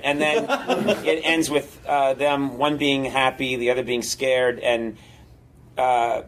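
A man's voice: medium pitch, fairly even intonation, normal speed, noisy background. A man in casual talk, telling an old comedy story with many fillers and laughs, switching between voices as he goes.

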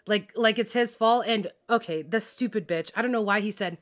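Speaking at a normal speed with a medium pitch and a slightly bright sound, this drama reaction vlogger angrily breaks down a TV drama. The casual rant is full of swearing, fillers, and laughter, and she frazzledly forgets names along the way.

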